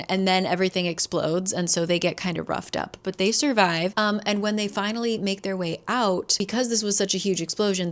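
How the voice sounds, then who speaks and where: A woman in her twenties recapping a thriller in casual chat, sarcastic and swearing, with lots of "like". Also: medium pitch. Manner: sarcastic, swears, laughs at the plot; chatty, full of "like". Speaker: book vlogger.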